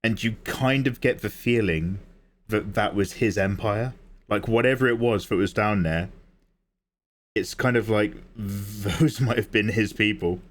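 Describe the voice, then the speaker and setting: A man's voice: fairly low pitch, unhurried. An Australian man chatting casually while drawing on a livestream, laid-back, swearing and laughing as he reads chat. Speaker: art livestreamer.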